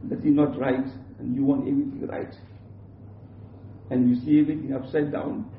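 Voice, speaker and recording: Speaking at a moderate pace in a mid-range voice with little pitch variation, a man gives an Islamic sermon, hammering points home repetitively and often starting sentences over. The preacher was captured far from the mic in a prayer hall, and the sound is roomy, distant, dull and lo-fi, with a faint hum underneath.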